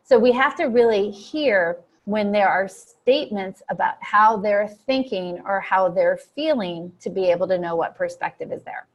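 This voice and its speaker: A woman's voice: mid-range voice, moderate pace, hardly any pauses, lo-fi sound. A woman coach teaching an online lesson for coaches, explaining steadily with frequent fillers and acting out client quotes. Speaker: coach trainer.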